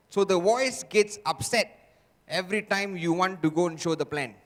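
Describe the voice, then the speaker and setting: A man's voice: high-pitched, slow, long pauses, fairly bright tone. A man giving a motivational seminar talk, firing repeated rhetorical questions at a live audience in a large hall. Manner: repetitive rhetorical questions to the crowd. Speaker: motivational speaker.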